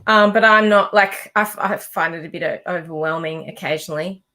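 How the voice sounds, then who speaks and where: A woman's voice: on the low side, brisk, bright, forceful tone. A woman, a musician guest, telling stories in a casual chat and swearing casually. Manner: chatty storyteller, swears casually.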